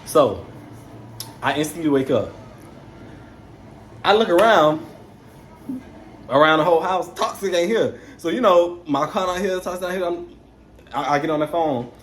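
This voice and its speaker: Animated, foul-mouthed young man telling a story. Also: a little high, moderate pace, long pauses, slight background noise. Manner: animated, swears freely, slangy street talk. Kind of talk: casual storytime.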